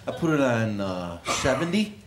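A man's voice: mid-range voice, sing-song, moderate pace. A man doing stand-up comedy in a club, bantering with the crowd and laughing through his lines. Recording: live club with loud crowd and noise.

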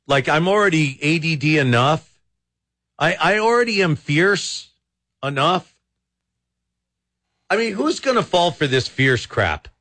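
Slow, lively-voiced male talk radio host. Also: on the high side. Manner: rambling, exasperated, many restarts. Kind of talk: casual talk radio commentary.

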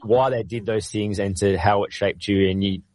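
A man co-hosting a radio interview, adding relaxed comments and questions. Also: lowish voice, normal speed, dry recording. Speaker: radio co-host. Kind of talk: casual interview chat.

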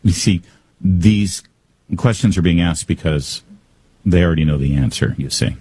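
A man's voice: low voice, normal speed, mellow, slightly rough, dry recording, faint music behind. A man hosting a talk radio show, giving emphatic, sarcastic commentary straight to his listeners. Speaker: radio host.

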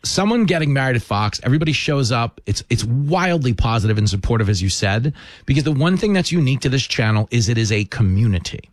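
An American man TV host chatting casually, emphatic and animated as he makes his points. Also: medium pitch, fast talker, no echo. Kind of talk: casual chat.

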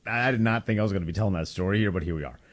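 A man's voice: lowish voice, rapid-fire. A man co-hosting a casual podcast, telling rambling jokey stories. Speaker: co-host.

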